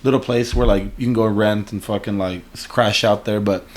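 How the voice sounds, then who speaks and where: A man's voice: lowish voice, steady tone, a little fast. A man in a casual interview, rambling with lots of fillers and slang. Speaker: artist guest.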